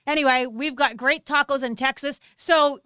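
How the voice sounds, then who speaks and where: Lady from canada joking around on a live stream, high bright voice, dry close mic. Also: fairly even intonation, moderate pace, no echo. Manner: chatty, joking, self-deprecating. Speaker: co-host of a gun-carry Q&A. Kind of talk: live casual chat.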